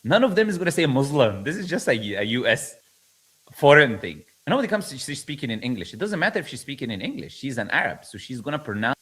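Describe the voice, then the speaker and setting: A man's voice: medium pitch, big pitch swings, fast talker, pushed and bright, breathy edge. A man whose first language is Arabic, commenting on a clip in an insistent, lecturing way, with many rhetorical questions. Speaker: religious commentator. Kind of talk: preaching video commentary.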